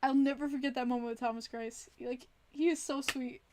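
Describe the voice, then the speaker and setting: A woman's voice: sits high, fairly even intonation, a little fast, a little mellow, a little hiss or hum. A young woman casually telling rambling stories on a livestream, giggling often between her words. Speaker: streamer.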